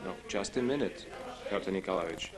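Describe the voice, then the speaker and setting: A man voicing every role of a stage play in a single dubbed voice, trading quick lines. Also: sits low, a loud crowd. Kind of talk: single-voice dubbed theater dialogue.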